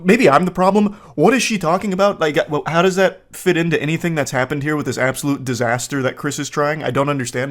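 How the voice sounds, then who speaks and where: Deadpan man with incredulous outbursts. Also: fairly high pitch. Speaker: commentator reading text messages. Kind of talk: comedic commentary.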